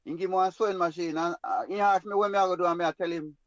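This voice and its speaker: A man's voice: high voice, steady tone, racing, no room sound, lo-fi sound. A man with a Jamaican accent telling a personal story in an emphatic, rambling way in patois. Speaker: guest storyteller.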